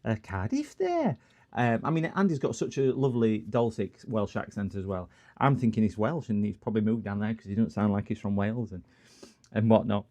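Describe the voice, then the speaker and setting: A man's voice: lowish voice, brisk, mellow. A middle-aged man, chatting casually and joking with viewers as he hosts a repair livestream. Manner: jokey, rambling, answers chat comments.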